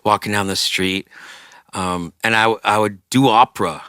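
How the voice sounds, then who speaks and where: A man's voice: on the low side, normal speed, bright, forceful tone, smooth, no echo, clean studio sound. A man being interviewed as a rock singer, rambling through casual stories and swearing often. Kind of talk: casual storytelling.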